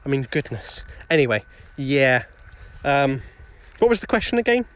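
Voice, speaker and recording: A man's voice: mid-range voice, very animated, normal speed, fairly bright tone. A man hosting a casual livestream outdoors, chatting with viewers and joking as he digs for finds. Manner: chatty, jokey, talks to chat while working. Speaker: livestream host.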